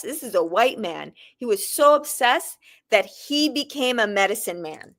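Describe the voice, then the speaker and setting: A woman's voice: a little high, measured pace. A woman author, a guest on a podcast, telling a story in a casual, emphatic way with lots of fillers. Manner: animated, emphatic retelling with fillers.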